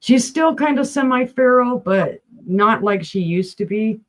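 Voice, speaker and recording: A woman's voice: fairly high pitch, lively intonation, unhurried. A woman co-hosting a live online sale, calling bids and chatting between items.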